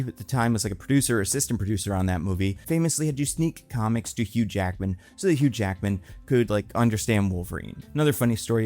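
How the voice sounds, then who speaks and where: Guy in his 30s riffing on comics, chatty and animated, bit of music under him. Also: mid-range voice. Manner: animated, chatty, lots of "like" fillers. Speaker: movie commentary host. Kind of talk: casual solo commentary.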